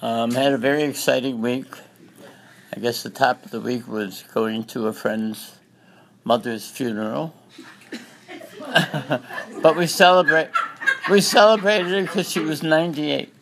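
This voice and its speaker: Man, gravelly voice, wry casual chat, noisy recording. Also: medium pitch, a little slow, long pauses. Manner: wry, laughing asides. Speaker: group member sharing news.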